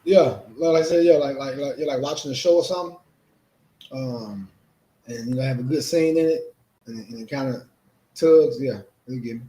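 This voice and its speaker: Mellow hesitant man in an echoey room. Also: mid-range voice, normal speed. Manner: hesitant, many fillers. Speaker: panel guest. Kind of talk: casual chat.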